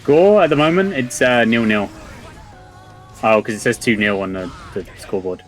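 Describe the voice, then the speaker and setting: A man giving relaxed, chatty live commentary on a fighting game tournament. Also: medium pitch, normal speed, faint music behind. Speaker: esports commentator.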